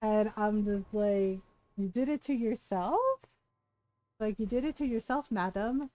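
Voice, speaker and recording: A woman game streamer with a mellow, medium-pitched voice talks unhurriedly, though the audio quality is poor. While gaming, she animatedly tells a personal story, quoting people and laughing often.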